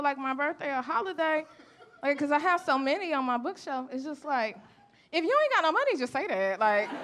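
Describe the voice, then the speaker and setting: A woman with a high voice works a comedy club stage, telling her stories in a brash, profane, chatty way. Her voice comes through a stage mic, with faint crowd laughter and room noise underneath. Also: a bit bright. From Chicago. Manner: brash, profane, conversational storytelling. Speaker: stand-up comedian. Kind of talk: stand-up comedy set. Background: audience laughter and room murmur.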